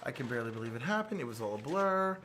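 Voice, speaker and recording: A man co-hosting a casual chat about comics, animated and gushing as he recaps stories. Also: medium pitch, rapid-fire, slight background noise. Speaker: podcast co-host.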